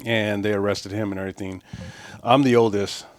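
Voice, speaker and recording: Laid-back low-voiced man. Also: steady tone, fairly quick. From East Los Angeles. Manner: laid-back, lots of "you know" and "man". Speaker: guest tattoo artist. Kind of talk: casual podcast chat.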